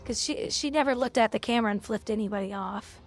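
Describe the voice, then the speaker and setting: A woman's voice: fairly high pitch, fast talker, faint music behind. A woman streaming live, chatting casually about a show she is watching, with chatty stumbling restarts.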